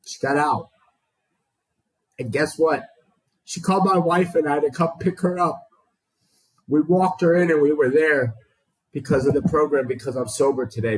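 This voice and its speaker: Casting: male storyteller, husky, dry close sound, raw and profane, plays out quoted dialogue. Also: medium pitch, no room sound, rough recording. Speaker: guest sharing his recovery story. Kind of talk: emotional storytelling to a small group.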